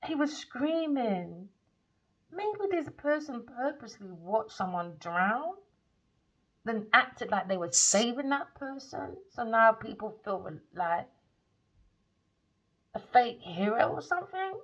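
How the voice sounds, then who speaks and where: A woman talks through a tarot reading in a rambling, emphatic monologue full of slang. Her voice has a gravelly fry to it. The recording sounds dull and lo-fi. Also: fairly high pitch, big pitch swings, slow pace, a bit bright. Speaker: tarot reader.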